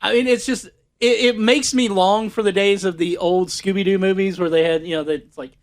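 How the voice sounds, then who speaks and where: A man's voice: high-pitched, fairly even intonation, fairly quick. A man co-hosting a podcast, rambling through a story in casual chat with lots of fillers. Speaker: podcast co-host.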